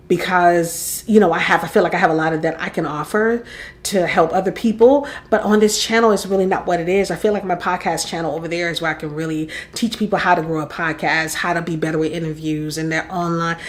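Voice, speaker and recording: A woman in her forties talking candidly in a personal vlog, reflective and openly vulnerable, admitting she rambles as she thinks aloud. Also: lowish voice. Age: 40s. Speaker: content creator and podcaster.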